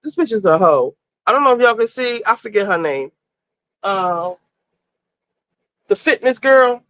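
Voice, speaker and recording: Female streamer, bright voice, dry close sound; blunt, gossipy recap host. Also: on the high side, animated, no room sound, poor audio. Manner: gossipy, blunt and profane, rushing through the story. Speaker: livestream host. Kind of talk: casual reality-TV recap chat.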